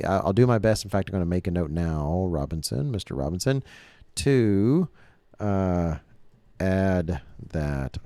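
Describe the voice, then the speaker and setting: A man's voice: sits low, dark tone, no echo. A man hosting a podcast in casual chat, earnest and rambling, often restarting his sentences. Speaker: podcast host.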